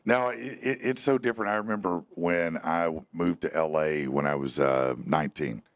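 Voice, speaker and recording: A man's voice: very deep voice, normal speed, dry recording, studio quality. A middle-aged man hosting a podcast, asking questions in a rambling way with many restarts. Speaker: podcast host. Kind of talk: casual interview chat.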